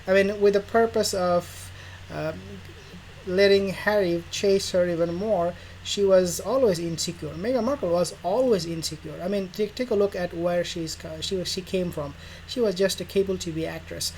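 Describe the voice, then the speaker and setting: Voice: medium pitch, normal speed, darkish tone, low-quality recording. A royal news vlogger who rambles casually and sarcastically, acting out imagined dialogues. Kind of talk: casual commentary vlog. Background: faint background noise.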